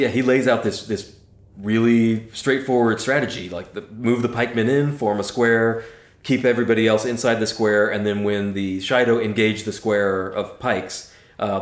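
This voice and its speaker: A man's voice: on the low side, fairly even intonation, normal speed. A man co-hosting a casual book discussion podcast, talking with enthusiasm and laughing often. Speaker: podcast co-host. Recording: roomy echo.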